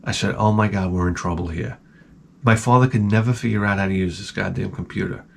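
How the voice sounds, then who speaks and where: A man hosting his channel, telling comedic stories in a loud, animated, profane rant and acting out people in high, shouted voices. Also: a little fast, gravelly, a little hiss or hum. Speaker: channel host.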